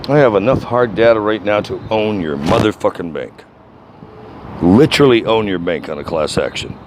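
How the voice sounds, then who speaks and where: A man making an angry call to a bank, shouting and swearing constantly. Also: on the low side, lively intonation, normal speed, noisy background. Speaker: caller.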